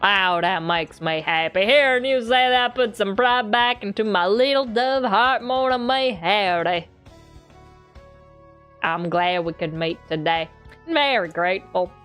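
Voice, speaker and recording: A woman voicing a cheerful male pigeon secret agent in a slow, easy put-on Southern American drawl, pitched well below her own voice. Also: a bit bright, smooth, soft background music, lightly acted. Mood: touched.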